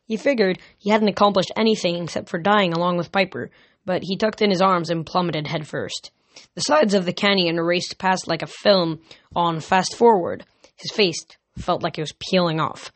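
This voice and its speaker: A woman with a slightly low voice reading a storybook aloud. She moves the story along steadily, stumbling now and then and correcting her words as she goes. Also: moderate pace. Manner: reads with small slips and self-corrections. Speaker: reader. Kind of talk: amateur audiobook reading.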